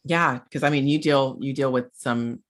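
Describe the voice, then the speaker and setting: A young woman hosting a podcast, who chats in an animated way and uses many filler words as she asks her guest questions. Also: very deep voice, moderate pace. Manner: animated, chatty, frequent "like" fillers. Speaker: podcast host. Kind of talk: casual interview chat.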